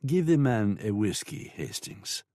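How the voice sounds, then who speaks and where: A man voicing a sly, mocking saloon madam with a French accent in an audiobook, speaking slowly and smoothly. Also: fairly low pitch, expressive, mellow, no echo, clean studio sound. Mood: taunting. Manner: smooth, taunting, slow and drawn-out. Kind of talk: audiobook character voice.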